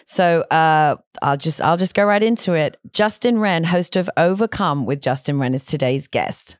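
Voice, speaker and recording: Low-voiced chatty woman podcast host. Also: normal speed, no room sound, studio quality. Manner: chatty, jokey, self-deprecating. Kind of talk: casual chat.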